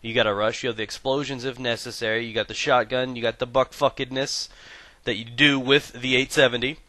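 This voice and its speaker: A man's voice: medium pitch, a little fast, no room sound. A man hosting a gaming video, telling a comic story and talking through his gear with crude, profane banter. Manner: shifts from hushed storytelling to loud excited bursts. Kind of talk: comic storytelling and gameplay commentary.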